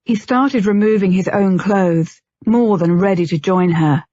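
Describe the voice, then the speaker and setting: A woman reading a novel aloud in a steady, measured way as an audiobook narrator. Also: mid-range voice, no room sound. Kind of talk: scripted narration. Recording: dull lo-fi, dry.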